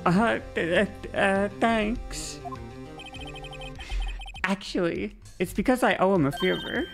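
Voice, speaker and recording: A woman's voice: mid-range voice, takes it slowly, gravelly, music in the background, voice pushed up. A woman voicing an earnest, nervous rookie defense attorney who speaks hesitantly, reading game dialogue.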